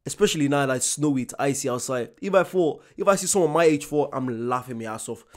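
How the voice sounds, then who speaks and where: A man's voice: mid-range voice, animated, fast talker, darkish tone. A man in his twenties hosting a reaction video, chatting casually, laughing along and repeating punchlines. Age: 20s.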